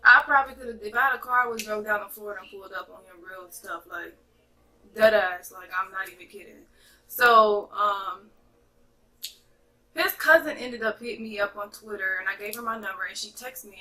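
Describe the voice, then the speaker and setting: A young woman from North Carolina telling a chatty, animated storytime to her viewers. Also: mid-range voice, moderate pace, recorded from a distance, low-quality recording. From North Carolina, USA. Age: young adult. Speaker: vlogger. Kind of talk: casual storytime vlog.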